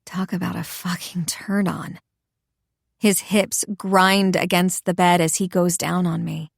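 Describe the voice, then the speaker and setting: A woman's voice: lowish voice, measured pace, vocal fry, no echo, clean studio sound. Woman narrating an intimate audiobook. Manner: expressive, intimate storytelling. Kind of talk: first-person romance audiobook narration.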